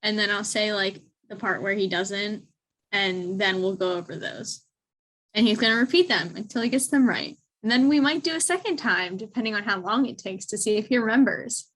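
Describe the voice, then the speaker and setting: A woman's voice: medium pitch, moderate pace, fairly bright tone, poor audio. A middle-aged woman guesting on a podcast over a video call, casually giving instructions in a bossy, coaching way and laughing often. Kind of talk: casual chat.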